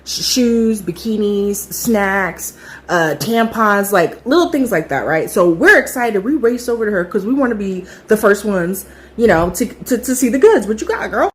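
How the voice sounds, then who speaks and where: A woman in her thirties telling a casual storytime, chatty and animated, acting out what other people said. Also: mid-range voice, unhurried. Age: 30s.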